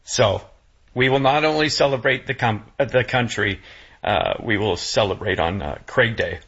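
A man talking casually in a conversation, halting with many restarts, emotional and close to tears. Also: medium pitch, a bit bright, slightly rough, dull audio. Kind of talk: casual chat.

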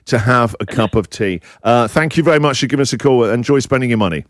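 A man's voice: mid-range voice, quick pace, no room sound, studio quality. A man hosting a radio show, chatting with a caller and teasing her with playful questions. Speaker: radio host. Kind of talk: casual chat on radio.

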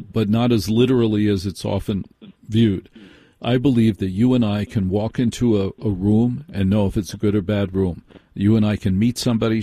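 A man hosts a late-night call-in radio program in a low, mellow, husky voice. He talks in a measured, reassuring way and keeps each caller engaged by name. The studio sound is close and dry. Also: no room sound.

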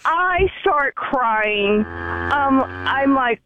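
A woman calling in to a show and telling a story in a chatty, animated way with many fillers, heard over the phone. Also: fairly high pitch, slow, noisy background. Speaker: caller. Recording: muffled phone line.

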